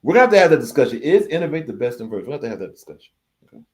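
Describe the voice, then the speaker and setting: Animated man hosting a live stream. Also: medium pitch, rapid-fire. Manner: animated, repeats phrases, reads chat comments aloud. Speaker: livestream host reading chat. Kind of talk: casual live reaction stream.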